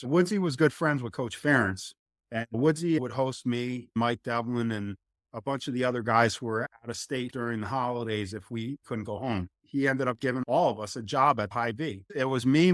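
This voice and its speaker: A middle-aged man from New Jersey, a former college football lineman, telling stories as a guest in a casual interview, lively, acting out quotes. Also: medium pitch, no room sound, studio quality. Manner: animated, acts out quotes.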